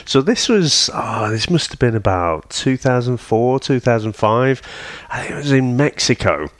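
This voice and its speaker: A man's voice: medium pitch, sing-song, moderate pace, no room sound, clean studio sound. A man, telling stories on a casual podcast, swearing freely and laughing often. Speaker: podcast co-host. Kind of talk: casual chat.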